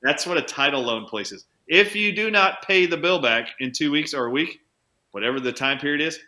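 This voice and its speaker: Bright-voiced man telling a story. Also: a little high. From United States. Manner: animated anecdote-teller, speeds up and slows down for emphasis. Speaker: chiropractor, interview guest. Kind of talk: conversational storytelling.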